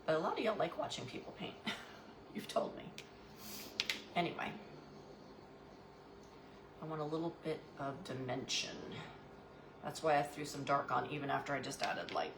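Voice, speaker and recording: A woman's voice: sits low, normal speed, pauses often, roomy sound, background noise. A woman hosting a live painting demo who chats in a goofy way with viewers and calls them "y'all". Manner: chatty and goofy, answers live chat by name. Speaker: craft live-stream host.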